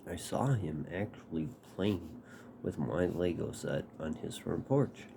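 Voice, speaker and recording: A man's voice: low voice, animated, a little slow, gravelly, background noise. A man telling a personal story casually, swearing and acting out quotes.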